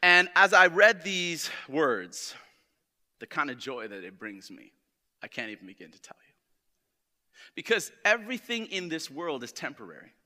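A high, very bright male voice preaching a sermon, with a long reverb trailing off the walls of the church hall. He lingers over scripture with deliberate emphasis, keeps calling on the congregation with questions, and talks with open, heartfelt emotion. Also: sing-song. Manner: speaks with open emotion and personal warmth.

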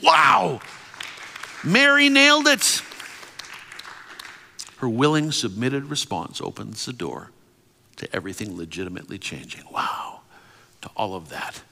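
Bright-voiced pastor preaching in a hall. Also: male voice, sits low, lively intonation, moderate pace, vocal fry, some chatter behind, slight background noise. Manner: impassioned preaching that drops to soft whispered prayer. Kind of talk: sermon with prophetic prayer. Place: church sanctuary. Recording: long reverb of a large hall.

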